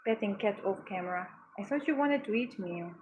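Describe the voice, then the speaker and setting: A woman's voice: medium pitch, animated, fairly quick, phone-quality sound, a little hiss or hum. A woman vlogging at home, chatting casually and cooing affectionately to her cat while she works. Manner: cooing, affectionate pet talk.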